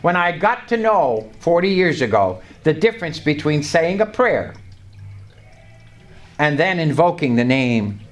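An older speaker, a lay preacher, gives an unhurried personal testimony to a small group. The mid-range voice dips low and hushed, then climbs high and excited, animated throughout with acted-out prayers and quiet chuckles.

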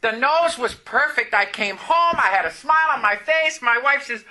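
A man preaching a sermon, telling a personal story with animated, emphatic declarations. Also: very high voice, brisk.

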